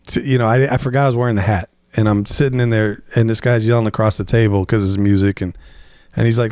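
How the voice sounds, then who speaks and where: A man's voice: fairly low pitch, fairly even intonation, fast talker, a little mellow, no room sound. Laughing, rambling male podcast host. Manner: rambling storytelling with frequent laughs and restarts. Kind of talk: casual comedic chat.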